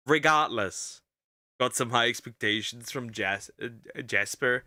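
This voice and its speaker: Bright, excitable man reacting. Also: mid-range voice, dry recording, clean studio sound. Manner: excitable, teasing, breaks into rapid repeated protests. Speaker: VTuber streamer. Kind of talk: reaction commentary.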